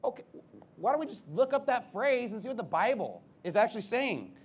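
A man, a pastor, preaching in a defensive, emphatic way, firing rhetorical questions and rising to loud outbursts. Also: high voice, very animated, brisk, husky.

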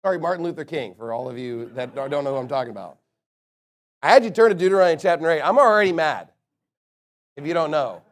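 A man's voice: a little high, lively intonation, fast talker. A man preaching a fiery, combative sermon, firing off rhetorical questions one after another. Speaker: pastor.

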